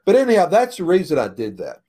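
A man's voice: high voice, wildly swooping pitch, quick pace, mellow, a little hiss or hum. Man, casual storytelling, folksy, plain-spoken, cusses, interview guest. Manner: folksy, swears freely, repeats "right?". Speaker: guest, retired race car driver.

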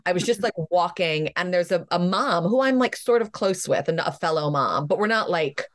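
An American woman comedian in podcast chat, animated and self-mocking, swearing freely. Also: lowish voice, normal speed, dry recording, studio quality. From United States. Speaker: guest comedian.

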